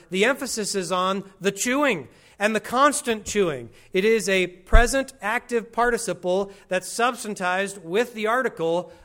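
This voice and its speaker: Higher-voiced man preaching slowly. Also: a bit bright. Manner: conversational teaching with wry asides; slows and stresses key phrases. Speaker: pastor. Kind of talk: expository sermon.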